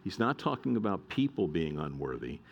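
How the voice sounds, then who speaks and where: A middle-aged man preaching from the pulpit with a lowish voice. He presses his points earnestly and circles back to repeat them for emphasis. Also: very animated, a little fast, vocal fry, highs cut off, slight background noise. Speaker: pastor. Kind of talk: sermon.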